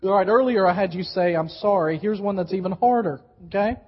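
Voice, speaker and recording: Male pastor, high voice, emphatic sermon delivery that gets the congregation to respond, reverberant hall, muffled live recording. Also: a little fast. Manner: emphatic, repeats key phrases, coaches the congregation to respond. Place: church sanctuary. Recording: dull live church recording with long reverb.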